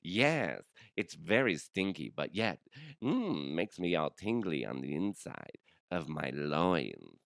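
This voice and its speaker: A man's voice: low-pitched, big pitch swings, gravelly, a bit bright, dry recording, clean studio sound, pitched below the performer's own voice, exaggerated voice. A man doing a pervy posh British gent. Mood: prim. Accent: British, put on. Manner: slow, prim, leering.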